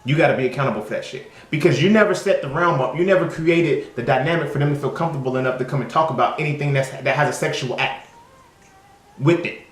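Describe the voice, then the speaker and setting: A man's voice: a little high, fast. A man giving a casual, profane opinion monologue as a vlogger, emphatic and conversational, and he keeps asking "you feel me?". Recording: echoey room.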